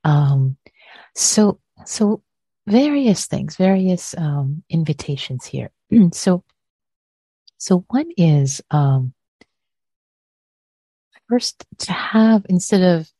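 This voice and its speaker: A woman meditation teacher answering a question in a gentle, soothing talk, repeating words and trailing off. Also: on the low side, animated, very slow, pauses often, breathy edge, no echo, studio quality.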